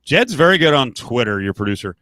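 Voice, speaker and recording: A man's voice: medium pitch, big pitch swings, a little fast, bright, forceful tone. A man co-hosting a podcast in casual chat, steering the talk with short questions. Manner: brief questions and prompts. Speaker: podcast co-host.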